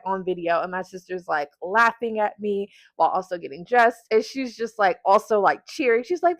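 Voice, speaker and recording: A woman vlogger telling a story to camera in a lively, casual way, laughing often and using lots of filler words. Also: mid-range voice, no echo. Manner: animated, breaks into laughter, many filler words.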